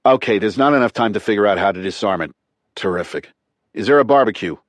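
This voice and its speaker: A man with a Chicago accent voicing a calm, wry male explosives expert who speaks in a steady, instructive way. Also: lowish voice, quick pace, no echo. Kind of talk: audiobook character reading.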